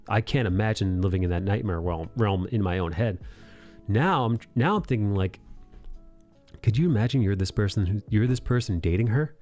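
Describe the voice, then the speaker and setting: Animated swearing man ranting on stream. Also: on the low side. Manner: animated, swears freely, acts out mocking quotes. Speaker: livestream host drawing and chatting. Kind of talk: casual rant on a live art stream.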